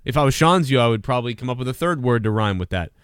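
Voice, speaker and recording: A man hosting a casual wrestling review show, blunt and profane, running through supporter shout-outs and complaining about matches. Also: medium pitch, expressive, very fast, smooth, no room sound, clean studio sound. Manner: mimics wrestler promos in a louder voice. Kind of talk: casual solo review commentary.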